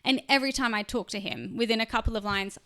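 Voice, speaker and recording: Bright-voiced Australian woman telling stories. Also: on the high side, fast. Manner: chatty storytelling, animated when quoting others. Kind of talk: casual podcast chat.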